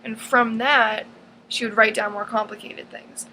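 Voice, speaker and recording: A woman's voice: fairly high pitch, flat delivery, a little slow, bright, forceful tone, a little hiss or hum, rough recording. A teenage girl in her own advice vlog, talking earnestly and rambling, with lots of fillers and restarts. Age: teens. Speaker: vlogger.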